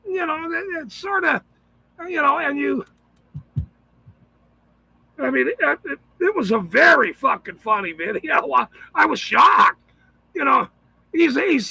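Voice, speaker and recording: A man with a very gravelly, strikingly high voice rants in loose, profane commentary. His tone is cutting and sharp, and the recording is dry and close. He shouts often and breaks into laughter between thoughts. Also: no room sound, rough recording.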